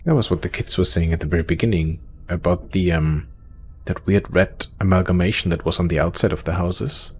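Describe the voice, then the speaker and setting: A man's voice: low-pitched, moderate pace, creaky, a little mellow, slight background noise. A man playing through a game, reading the characters' lines aloud dramatically and adding his own comments. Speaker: let's play gamer.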